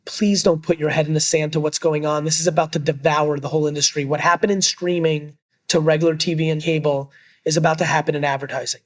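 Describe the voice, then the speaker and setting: A middle-aged man talks business in an emphatic, blunt voice. His pitch sits a little high for a man, and he swears casually as he pushes his points. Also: flat delivery, fast. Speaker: guest, entrepreneur. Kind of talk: energetic business interview.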